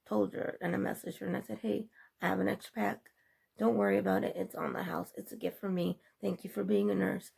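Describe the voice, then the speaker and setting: Husky-voiced woman telling a rambling story. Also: medium pitch, darkish tone. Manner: rambling, chatty retelling with quoted dialogue. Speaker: vlogger. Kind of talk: casual storytelling vlog.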